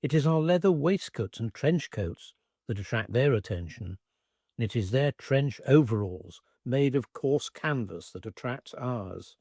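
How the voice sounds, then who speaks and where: Guy reading an old war memoir aloud, really lively up-and-down delivery, warm dark tone. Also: medium pitch, dry recording, clean studio sound. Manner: expressive, measured reading. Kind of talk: scripted narration.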